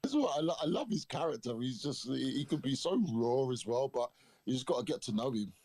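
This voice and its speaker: A man's voice: medium pitch, lively intonation, quick pace, mellow, no room sound. A man, amused and holding back laughter in a casual livestream chat.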